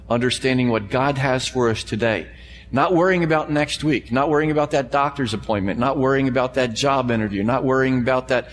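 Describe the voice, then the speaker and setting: A man preaching to his congregation with emphatic, repeating phrases, his voice sitting in the middle of the male range. The sound trails off in a long hall reverb, with a faint hum underneath. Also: medium pitch. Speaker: pastor. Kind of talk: sermon. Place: church sanctuary before a congregation.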